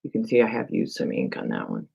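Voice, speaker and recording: A woman's voice: rumbling low, quick pace, creaky, poor audio. A woman hosting a casual live crafting demo, chatty and self-mocking, thinking aloud while she works and talking to viewers. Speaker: crafting channel host. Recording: steady background noise with clicks.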